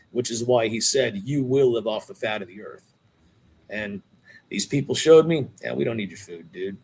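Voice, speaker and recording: A middle-aged man, a guest on a podcast, telling a long story in a casual, animated way and often calling people "dude.". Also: mid-range voice, breathy edge.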